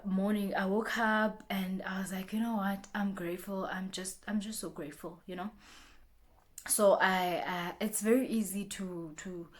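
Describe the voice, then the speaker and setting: A young woman vlogger speaks directly to the camera in a relaxed motivational video, her voice sitting in the mid range. She's talkative and loose, repeating herself with lots of restarts and fillers, and she acts out her friends' lines in quick, lively little voices.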